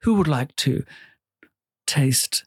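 A man's voice: mid-range voice, expressive, slow, slightly rough, no echo, studio quality. A young man, hosting a casual podcast chat, talking freely with frequent swearing and laughter. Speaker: podcast host.

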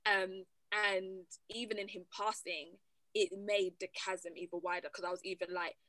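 Woman, medium pitch, reflective, halting, personal conversation, dry sound. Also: level tone, sharp tone, no room sound, low-quality recording. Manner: reflective, halting, with fillers and restarts. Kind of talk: personal conversation about grief.

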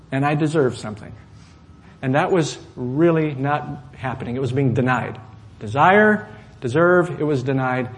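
A middle-aged male pastor telling a personal story in a sermon, swinging from loud, animated outbursts to soft asides. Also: fairly high pitch, slight background noise. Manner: animated storyteller, rising loud when acting out anger, dropping soft for asides.

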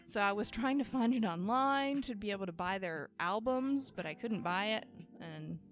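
A woman radio host from the American Midwest, chatting casually on air, rambling with lots of fillers and quick laughs. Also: medium pitch, lively intonation, faint music behind.

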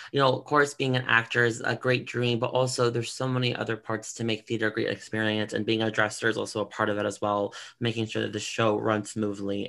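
Rambling male interviewer, bright voice. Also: medium pitch, creaky. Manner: rambling, many fillers. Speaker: interview host. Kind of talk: casual interview questions.

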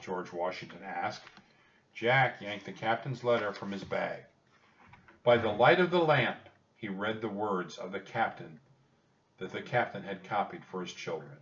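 Slow low-voiced male storyteller. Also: expressive, a bit bright, echoey room. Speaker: narrator. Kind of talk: audiobook reading. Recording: dull distant recording.

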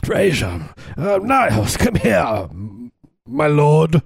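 A man putting on the voice of a fussy, pompous sitcom gentleman, with a prissy, drawn-out, affected lilt. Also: a little high, huge pitch swings, creaky, breathy edge, dry recording, clean studio sound, voice pushed up, heavily acted.

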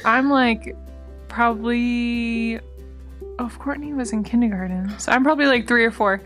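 A young woman tells a story from her childhood in a loose, animated way, full of "like" and "you know". Her voice sits a little high, and soft music plays under her. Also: normal speed. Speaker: co-host, guest sister. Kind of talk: casual storytelling chat.

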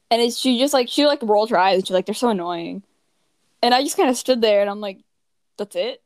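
A woman's voice: on the high side, fast, no echo. Chatty teenage girl, dry close sound. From United States. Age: teens. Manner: rambling, heavy use of "like", acts out quoted people. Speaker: guest telling travel stories. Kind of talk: casual chat.

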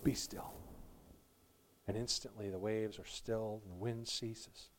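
This male pastor's sermon moves from quiet reflection to loud pleading, broken up by warm laughs between points. His voice is lowish, his delivery flat, his speed normal.

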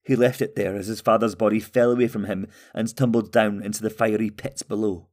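A man narrates a fantasy novella in a steady, even manner. His voice sits low and calm, paced for scripted storytelling. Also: fairly quick. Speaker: audiobook narrator.

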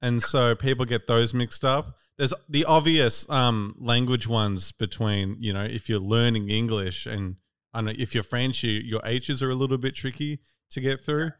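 Clear-voiced male podcast host. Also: medium pitch, fairly even intonation, moderate pace, fairly bright tone. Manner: chatty, laughs often, swears freely. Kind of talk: casual podcast chat.

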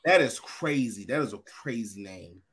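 A man hosting a casual sports talk, introducing a guest loudly, with others chattering nearby. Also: mid-range voice, normal speed, a loud crowd. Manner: loud, animated introducer.

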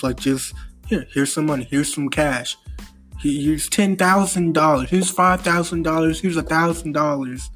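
A young man hosting his own podcast, talking earnestly and a little emotionally in a halting monologue full of restarts. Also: on the high side. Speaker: podcast host. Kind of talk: solo motivational podcast monologue.

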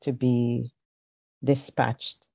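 A woman, a podcast guest telling a personal faith story in a reflective, hesitant way with frequent pauses. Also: very deep voice, little pitch movement, vocal fry, darkish tone, breathy edge, no room sound. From Jamaica. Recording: dull, lo-fi recording.

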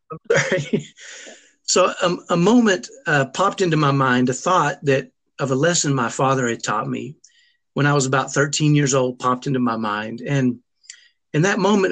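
A middle-aged man, his voice mid-range with a fairly bright tone, tells an emotional family story while being interviewed. He comes across as earnest and halting, repeatedly breaking off and restarting what he's saying.

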